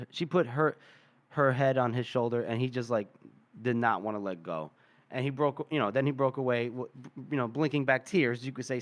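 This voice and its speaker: A man's voice: medium pitch, no room sound. A man hosting a podcast, loosely retelling a chapter with fillers and laughs. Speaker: podcast host. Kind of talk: casual chapter recap.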